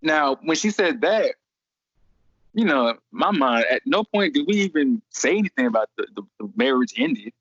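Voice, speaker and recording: Young man, relaxed story, voices quotes, dry lo-fi mic. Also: fairly high pitch, normal speed, slightly rough, no room sound. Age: young adult. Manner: animated, acts out voices in quotes. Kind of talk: casual storytelling. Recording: dry, dull lo-fi recording.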